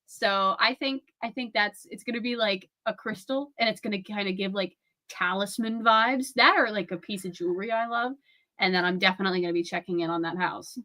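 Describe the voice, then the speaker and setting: A woman's voice: mid-range voice, a little fast, sharp tone. A young woman co-hosting a casual chat, playful and often giggling. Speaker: co-host.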